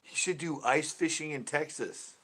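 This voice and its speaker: A man's voice: fairly high pitch, normal speed, fairly bright tone. A man hosting a casual fishing live stream, joking and rambling as he chats with viewers. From California. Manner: joking, rambling, laughs a lot. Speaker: fishing channel host.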